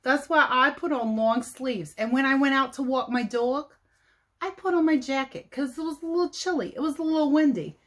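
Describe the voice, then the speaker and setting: A woman's voice: high voice, normal speed, fairly bright tone, pitched above the performer's own voice. A woman voicing a chatty female TV weather reporter in an upbeat newscaster manner, giving a pretend weather report for children. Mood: chirpy.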